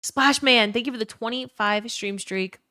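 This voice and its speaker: Fast-talking woman streaming. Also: on the high side, bright, forceful tone, dry recording, studio quality. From Louisiana. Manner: fast-talking, swears freely, greets chatters. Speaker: livestreamer. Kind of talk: casual live-stream chat. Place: home room.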